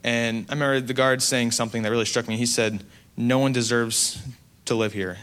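Young US man, earnest and halting testimony storyteller, crisp clear voice. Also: mid-range voice, steady tone, fairly bright tone. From United States. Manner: earnest, halting, many restarts. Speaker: mission trip speaker.

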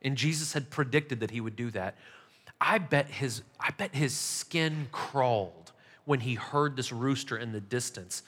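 A man preaching a sermon in a conversational, animated way, often checking in with the listeners. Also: medium pitch, measured pace, long reverb tail. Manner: conversational, animated preaching with frequent "right?" asides. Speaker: pastor.

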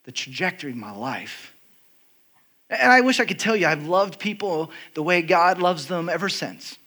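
A middle-aged man preaching a sermon, telling a personal story with animated highs and soft, quiet heartfelt passages. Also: moderate pace. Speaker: pastor.

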